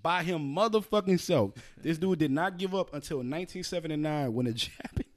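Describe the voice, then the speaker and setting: A man hosting a podcast, telling a story in loud, profane, animated casual banter. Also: a little high, brisk. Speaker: podcast host.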